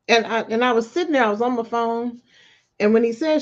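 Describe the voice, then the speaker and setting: A woman, hosting a podcast and giving a casual, animated motivational talk with quick asides. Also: fairly high pitch. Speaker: podcast host. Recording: dull lo-fi recording.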